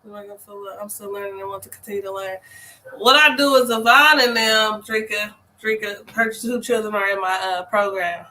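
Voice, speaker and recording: A young adult woman hosting a casual live chat, telling stories in an animated, slangy way with lots of fillers. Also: a little high, moderate pace, poor audio. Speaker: host, family home child care provider.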